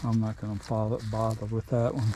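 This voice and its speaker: A man's voice: on the low side, little pitch movement, noisy background. Winded middle-aged man talking outdoors. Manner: rambling, plain-spoken, pauses and restarts. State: out of breath. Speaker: vlogger. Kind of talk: casual outdoor work vlog. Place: outdoors in woods.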